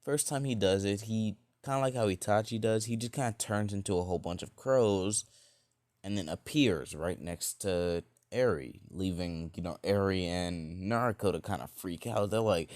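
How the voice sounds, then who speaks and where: Deep-voiced man rambling through a fan story. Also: a little slow, no room sound. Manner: rambling, full of "like" and "you know". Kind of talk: casual fan-fiction storytelling.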